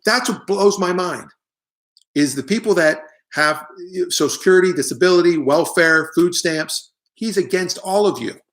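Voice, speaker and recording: A man's voice: sits high, moderate pace, fairly bright tone. A middle-aged man hosting a live online show, delivering a rambling, opinionated comic monologue with jokey asides while he answers viewer comments.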